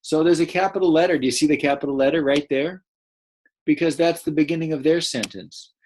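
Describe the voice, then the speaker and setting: A man's voice: fairly high pitch, brisk, a little mellow, slight background noise, low-quality recording. A man teaching first graders a read-aloud lesson, patiently explaining and asking the children questions.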